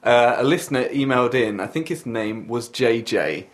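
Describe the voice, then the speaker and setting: A man's voice: medium pitch, moderate pace. A man hosting a casual podcast chat, rambling and joking with many hesitations. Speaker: podcast host.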